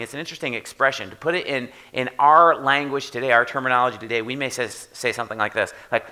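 A man preaching a sermon in a conversational way, often checking in with "right?" and swinging from quiet to loud for emphasis. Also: medium pitch, a little fast, hardly any pauses. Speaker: pastor.

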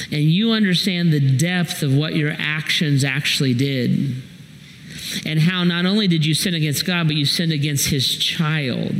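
A man preaching a sermon as a pastor, animated, with storytelling asides. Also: a little high, a little hiss or hum. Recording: long reverb in a large hall.

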